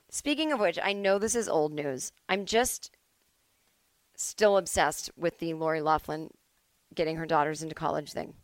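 A woman's voice: deep voice, measured pace, pauses often, no room sound. A woman in her forties from Massachusetts, hosting a solo comedy podcast from home, rambling and self-deprecating with lots of "like" and "I don't know". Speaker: podcast host.

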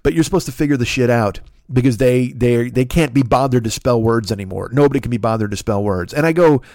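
A man's voice: medium pitch, fast, a little mellow, no echo, clean studio sound. A middle-aged man hosting a podcast, ranting comedically and rambling, swearing a lot and jumping to exasperated outbursts. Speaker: podcast host. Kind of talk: profane comedic rant.

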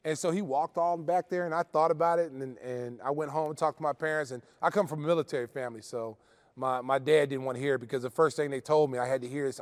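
A man's voice: mid-range voice, fast. A middle-aged man, a former basketball player, telling a story at a podcast roundtable and acting out the dialogue. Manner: animated storyteller, acts out dialogue.

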